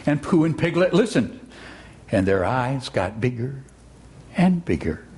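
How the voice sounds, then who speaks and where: A man retelling a children's story aloud in an expressive, musing, unhurried way. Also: mid-range voice.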